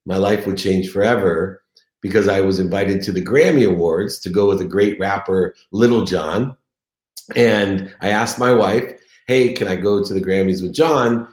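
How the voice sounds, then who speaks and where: A man's voice: on the low side, measured pace, darkish tone. A middle-aged man telling his own story as a motivational speaker, earnest and emotional. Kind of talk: confessional motivational speech. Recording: echoey room.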